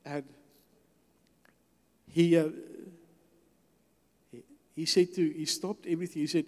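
A man's voice: a little high, fairly even intonation, slow, pauses often. An older man giving a testimony sermon as a guest speaker in a church, telling his story and acting out the dialogue. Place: church hall. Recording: long hall reverb.

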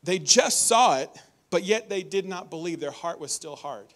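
A man preaching a conversational, animated sermon in a church, reading scripture and acting out warnings. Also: high voice, normal speed.

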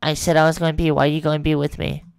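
A defensive young gamer, as a man puts him on, gravelly and smooth, speaking flatly through mild irritation. Keyboard clicks sit behind him. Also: on the high side, fast.

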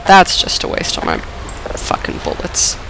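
A woman commenting on her gameplay, her voice lowered and rough from being sick with a dry cough; excitable, swearing and laughing at herself. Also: unhurried, noisy background. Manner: excitable, swears and laughs often, self-mocking. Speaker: let's play gamer.

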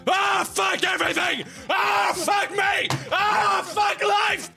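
Shrieking high-voiced raging gamer woman. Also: steady tone, slow pace, creaky, hardly any pauses, shouting, music in the background. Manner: frantic, shrieking, swearing. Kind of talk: raging gaming rant.

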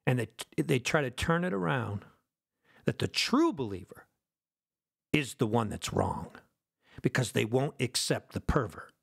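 A man preaching a fervent sermon, firing rhetorical questions at his listeners and swinging between loud declarations and hushed lines. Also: mid-range voice, very animated, measured pace, vocal fry, pauses often, slightly rough. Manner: asks the audience rhetorical questions.

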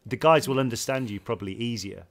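A man's voice: mid-range voice, fast, gravelly, a bit bright. A man from England co-hosting a podcast, chatting casually and rambling through stories with many restarts. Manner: rambling, restarts sentences, laughs while telling stories. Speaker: podcast co-host. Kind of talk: casual interview chat.

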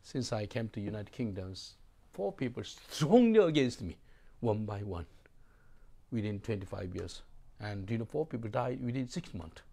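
A middle-aged man, a pastor preaching a sermon in halting, broken English. He drops to low murmurs and then bursts out loudly. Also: animated. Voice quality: gravelly. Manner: swings from low murmurs to loud exclamations.

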